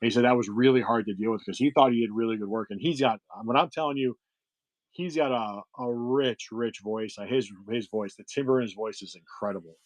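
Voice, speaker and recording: A man's voice: mid-range voice, brisk, rough recording. A middle-aged man hosting a livestream sale, chatting casually with viewers, rambling with lots of fillers and restarts. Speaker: livestream seller host.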